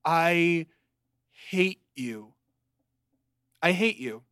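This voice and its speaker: A young man co-hosts a podcast, telling his best friend off in deadpan mock fury. His voice sits a little high. It is recorded on a close, dry mic with no room sound. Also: drawn-out words, clear, resonant tone, no room sound. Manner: mock-angry deadpan rants. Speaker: podcast co-host. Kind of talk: casual chat.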